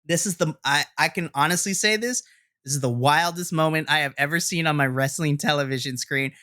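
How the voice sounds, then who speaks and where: Man, young, wrestling podcast host, excitable, swears, bright voice. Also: a little high, fairly quick, dry recording, studio quality. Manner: excitable storyteller, swears, acts out reactions. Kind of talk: casual wrestling recap.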